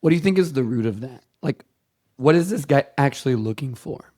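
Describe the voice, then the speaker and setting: A man co-hosting a casual podcast chat, chiming in with short affirmations and quick questions. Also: medium pitch, lively intonation, a little mellow, dry recording, studio quality.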